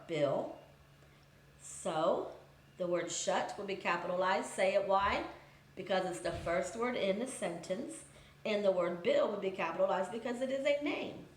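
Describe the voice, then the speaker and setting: Woman teacher walking thru grammar examples step by step, average pitch, bit of room echo. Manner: patient, methodical, reads example sentences aloud then explains. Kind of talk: recorded grammar lesson for students.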